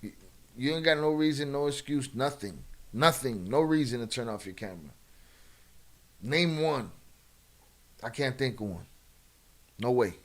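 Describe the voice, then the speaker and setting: A man's voice: mid-range voice, lively intonation, measured pace, pauses often. A man giving casual reaction commentary as a streamer, blunt and mocking, with profane asides.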